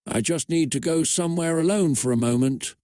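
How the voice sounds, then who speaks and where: A man's voice: on the high side, brisk, mellow, no echo, clean studio sound, close to an everyday voice. A man doing a timid, frightened teenage girl.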